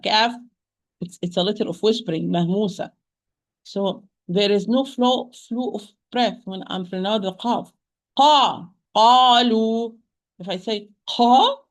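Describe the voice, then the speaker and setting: Patient woman teacher for an online recitation lesson; repeats sounds slowly, often restarts mid-sentence. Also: mid-range voice. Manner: hesitant restarts, addresses listeners as sisters. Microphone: home computer mic on a shaky internet connection.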